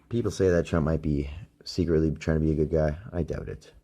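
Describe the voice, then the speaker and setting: A man's voice: extremely low pitch, dark tone, husky. A man hosting a solo podcast, rambling and ranting with heavy swearing, recorded on a phone used as a microphone. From Canada. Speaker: podcast host.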